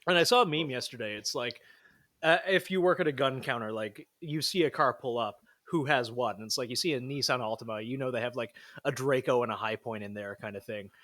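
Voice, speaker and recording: A man from Canada co-hosting a podcast, relaxed, with dry humor. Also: mid-range voice, fairly quick, no echo. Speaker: podcast co-host. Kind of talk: casual podcast chat.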